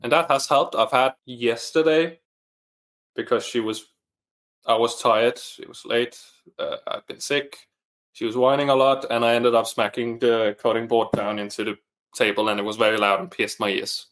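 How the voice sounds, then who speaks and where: A man's voice: medium pitch, steady tone, moderate pace, a bit bright. A man, a single father and coaching client, talking earnestly and reflectively in an interview. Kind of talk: casual interview chat.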